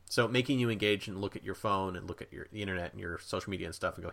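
A man's voice: deep voice, fairly even intonation, very fast, creaky, hardly any pauses, fairly bright tone. A man co-hosting a casual pop culture podcast, talking thoughtfully and correcting himself as he goes. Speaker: podcast co-host.

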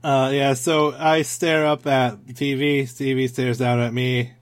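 A man's voice: medium pitch, flat delivery, unhurried. A man playing a tabletop role-playing game, sheepishly narrating and laughing as he describes his stuck character. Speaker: player.

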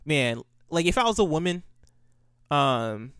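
Young male podcast co-host: smooth voice, rambling, easy laughs. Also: fairly high pitch, very animated, measured pace, a bit bright, no room sound, studio quality. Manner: rambling, restarts often, laughs easily. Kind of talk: casual podcast chat.

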